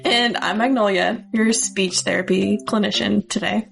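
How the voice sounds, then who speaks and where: A woman's voice: mid-range voice, steady tone, moderate pace, gravelly, soft background music. A woman co-hosting as a speech therapy clinician, chatting casually and steering the talk back on track with dry humor. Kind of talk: casual podcast chat.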